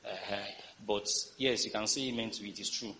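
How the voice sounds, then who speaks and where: A man's voice: fairly low pitch, fairly quick, slight background noise. A male pastor preaching a sermon in a church, reading scripture and calling on the congregation to respond. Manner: lively preaching with call-and-response.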